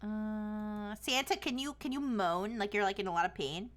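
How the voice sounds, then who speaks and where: A woman hosting a casual live stream, blunt and playful in her chat and quick to swear. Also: mid-range voice. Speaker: streamer host.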